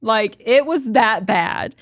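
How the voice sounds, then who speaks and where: A woman's voice: fairly high pitch, slow pace, no room sound, clean studio sound. A young adult woman hosting a podcast, telling a personal story in casual talk full of fillers and quotes. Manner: animated storytelling with many fillers. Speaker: podcast host. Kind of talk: casual conversation.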